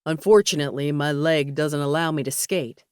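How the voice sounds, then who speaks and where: A woman's voice: low-pitched, moderate pace, a little mellow, clean tone, no echo, clean studio sound, close to an everyday voice. A woman voicing an earnest male cruise director in an audiobook, dropping her voice a little.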